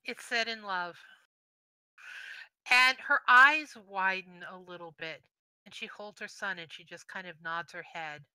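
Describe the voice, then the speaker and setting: Slow, bright-voiced woman game master. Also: medium pitch, smooth, no echo, rough recording. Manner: unhurried scene narration with fillers. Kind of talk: narrating a tabletop game.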